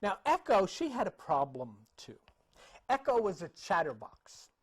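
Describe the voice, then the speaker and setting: High-voiced guy telling an old myth about paintings, loose and chatty, keeps restarting. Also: very animated, unhurried, breathy edge. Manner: chatty, laughs and restarts, conversational fillers. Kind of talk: casual storytelling talk.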